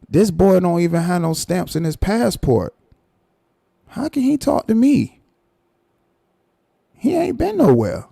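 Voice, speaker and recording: Man ranting on his live stream, gravelly dark voice, mocking and repeating himself a lot. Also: high-pitched, big pitch swings, unhurried, pauses often, no echo, studio quality. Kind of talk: casual commentary rant.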